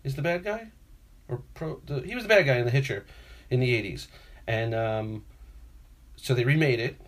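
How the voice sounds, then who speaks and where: A man's voice: mid-range voice, lively intonation, normal speed. New man, podcast co-host, rambling storyteller who acts out his quotes. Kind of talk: casual chat.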